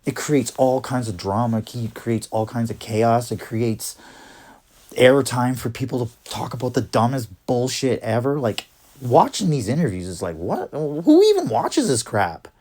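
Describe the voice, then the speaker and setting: A man rants straight to camera from a cold garage, fired up and swearing freely. His voice sits at a middling pitch, and his emphatic delivery keeps pushing each point harder. The rustle of his jacket brushes against the mic now and then. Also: moderate pace, a little mellow. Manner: agitated, profane, emphatic. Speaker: vlogger. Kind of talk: casual ranting monologue to camera. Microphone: jacket rustling near the mic.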